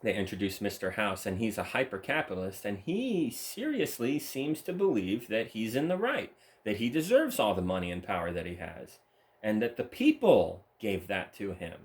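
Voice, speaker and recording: Male solo host, lowish pitch, scornful and profane, ranting monologue. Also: sing-song, moderate pace. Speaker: channel host.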